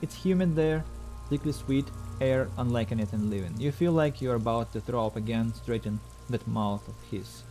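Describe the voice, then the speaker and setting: A male streamer reads a video game's text aloud at a middling pitch. He adds wry, offhand asides between the narrated lines. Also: normal speed, warm tone, a little hiss or hum. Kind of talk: reading game text aloud.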